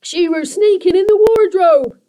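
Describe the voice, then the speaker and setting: A woman voicing a bossy male creaker creature, the gruff leader of a monster pack, with a loud hissing growl. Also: very high-pitched, a little slow, pitched above the performer's own voice. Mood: alarmed.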